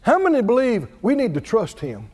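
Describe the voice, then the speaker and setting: High-voiced animated male preacher in a hall. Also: moderate pace. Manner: animated storytelling, acting out voices with big pitch swings. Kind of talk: sermon. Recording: reverberant hall.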